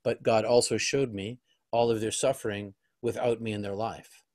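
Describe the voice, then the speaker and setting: A man, a guest on an interview show, telling a personal story in an earnest, halting way with frequent restarts. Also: lowish voice, fairly even intonation, darkish tone.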